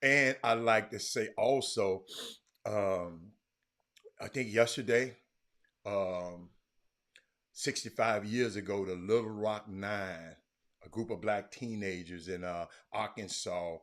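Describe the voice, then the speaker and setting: His voice is on the low side and fairly bright, and he takes it slow. He's a sports talk show host chatting loosely on a live stream from a home room, naming viewers as they come up.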